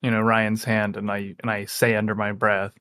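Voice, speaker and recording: A man's voice: lowish voice, monotone, moderate pace, sharp tone, no room sound, clean studio sound. A man playing a tabletop game, describing his actions in a rambling, hesitant way that stumbles over words. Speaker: player. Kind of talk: tabletop role-play.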